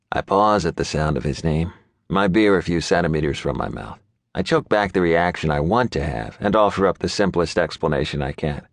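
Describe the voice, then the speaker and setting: A man narrating an audiobook in first person, his voice deep yet expressive, moving freely in pitch. He sounds wry and inward-looking. The recording is close and dry. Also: normal speed, gravelly, dry recording.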